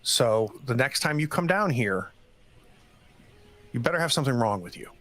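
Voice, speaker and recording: A man's voice: mid-range voice, lively intonation, normal speed, pushed and bright. A man voicing a stern female station doctor who gives clipped, scolding orders.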